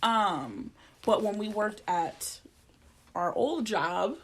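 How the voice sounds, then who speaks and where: A woman's voice: mid-range voice, lively intonation, very slow, a bit bright. A woman co-hosting a podcast in casual chat, blunt and profane, telling her stories with animation. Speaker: podcast co-host.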